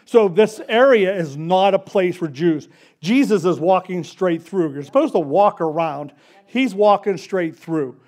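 A man preaching a casual, story-driven sermon, acting out the characters in quick voices. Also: high voice, expressive, a little mellow. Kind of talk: conversational sermon.

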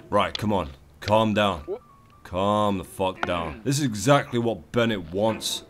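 A man doing comedic let's play commentary, profane and theatrical, yelling at the game and its maker. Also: lowish voice, lively intonation, measured pace, faint music behind.

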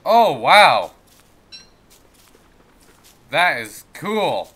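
A man from the United States rambling goofily through let's play commentary, his voice going hoarse. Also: mid-range voice, sing-song, slow pace, pauses often, bright, forceful tone. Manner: rambling, goofy, talks to the game. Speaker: gameplay commentator.

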